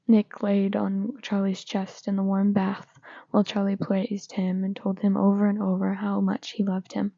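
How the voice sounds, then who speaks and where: Woman with a gravelly, mellow reading voice. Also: medium pitch, no room sound. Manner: steady, plain reading with small slips and restarts. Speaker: fanfiction reader. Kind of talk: reading fanfiction aloud. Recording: slightly dull lo-fi recording.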